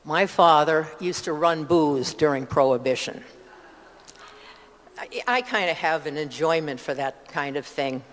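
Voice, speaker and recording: A woman's voice: low voice, animated, measured pace, big-room sound, slight background noise. Older upstate New York woman, rambling testimony. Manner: digressive, chatty, with asides and self-corrections. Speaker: church member giving testimony. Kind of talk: personal testimony, rambling storytelling. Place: church.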